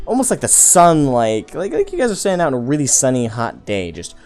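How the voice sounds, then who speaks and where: A man's voice: mid-range voice, wildly swooping pitch, brisk, darkish tone. A man narrating as game master of a tabletop game, describing the action loosely and filling gaps with "like" and "kind of".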